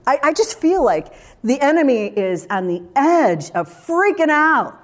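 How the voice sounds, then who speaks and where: A woman's voice: high-pitched, big pitch swings, measured pace. A woman preaching a sermon in a conversational, emphatic way, full of rhetorical questions.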